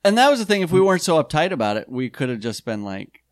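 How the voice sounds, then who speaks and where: A man's voice: fairly high pitch, very animated, fast, smooth, no room sound, clean studio sound. A man in casual comedic podcast chat, rambling and swearing as he jokes with friends. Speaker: podcast co-host, sketch comedian.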